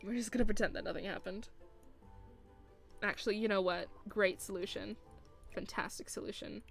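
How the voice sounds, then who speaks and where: A woman's voice: medium pitch, fairly even intonation, normal speed, vocal fry, faint music behind. A woman streaming a building game, scolding the furniture in exasperation and laughing often between complaints. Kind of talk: live gameplay commentary.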